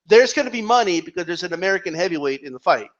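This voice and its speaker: Speaking rapid-fire in an expressive, high, fairly bright voice, a man gives heated boxing commentary laced with profanity. He argues with fans he imagines and trips over repeated words, vlog-rant style, on a dull lo-fi recording.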